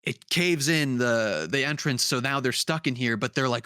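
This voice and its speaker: A man's voice: mid-range voice, normal speed, pushed and bright, clean tone, no room sound, studio quality. A young man co-hosting a podcast in casual chat, laid-back, playful and profane. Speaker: podcast co-host.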